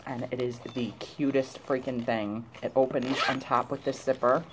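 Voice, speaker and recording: A woman's voice: very deep voice, normal speed, background noise. A woman chatting casually to camera in a shopping haul video, gushing over cute little items. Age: adult, grown woman. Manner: gushing, chatty, excited about cute things. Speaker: YouTuber showing a shopping haul.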